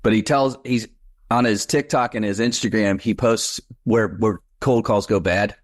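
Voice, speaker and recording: A man's voice: fairly low pitch, fairly even intonation, normal speed. A man co-hosting a podcast, chatting in an easygoing way and laughing often. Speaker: podcast co-host. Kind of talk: casual chat.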